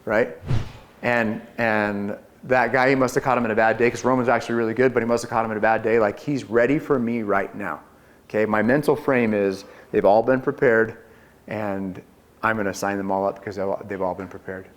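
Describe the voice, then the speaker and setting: A man coaching a group on door-to-door solar sales, talking with energy and confidence and acting out his pitches. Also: steady tone, brisk. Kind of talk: sales training talk to a group.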